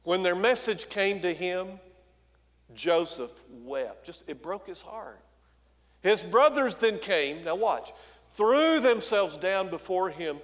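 A man's voice: sits high, expressive, takes it slowly. Folksy preaching man in echoing church. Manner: folksy, conversational preaching with asides to the congregation. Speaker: senior pastor. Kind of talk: sermon. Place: church sanctuary.

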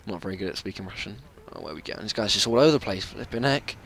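A young man giving casual, chatty commentary while playing a video game, apologetic and quick to yelp at what happens on screen. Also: lowish voice, expressive, vocal fry, a bit bright. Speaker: gaming channel host.

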